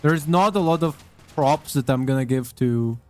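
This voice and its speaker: A man's voice: mid-range voice, normal speed, darkish tone. A young man talking casually while he plays a game, rambling with lots of swearing, fillers and restarts. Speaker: gamer commenting while playing. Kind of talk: casual gaming commentary. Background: faint game music.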